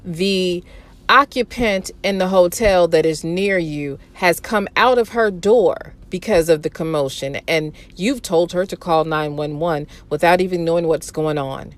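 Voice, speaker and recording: A woman's voice: lowish voice, measured pace. A woman giving sarcastic, incredulous reaction commentary on an interview clip, swearing freely.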